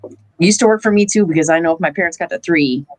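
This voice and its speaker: A woman's voice: on the low side, fast, darkish tone, no room sound. Laughing woman, dry close sound. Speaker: mother. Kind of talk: casual chat.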